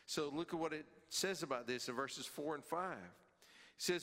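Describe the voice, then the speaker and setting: A man preaching a sermon as pastor, emphatic, repeating key phrases and rising in pitch and force as he drives a point home. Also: normal speed, pushed and bright, big-room sound.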